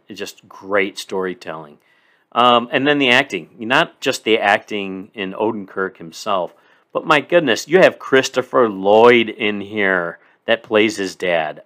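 A man's voice: fairly low pitch, a bit bright. A man from Illinois hosting a casual solo podcast, reviewing a movie in an enthusiastic, rambling way.

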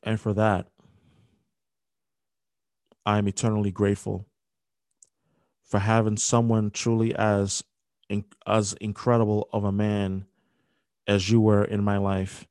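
A young man hosting a podcast, speaking a halting, grief-filled dedication with many restarts. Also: on the low side, flat delivery, darkish tone, dry recording. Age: young adult. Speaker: podcast host. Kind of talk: emotional spoken dedication.

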